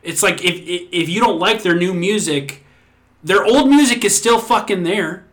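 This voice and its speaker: A man's voice: high voice, moderate pace, fairly bright tone. A man in his thirties co-hosting a podcast, talking casually in a rambling way with restarts and frequent swearing. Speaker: podcast co-host.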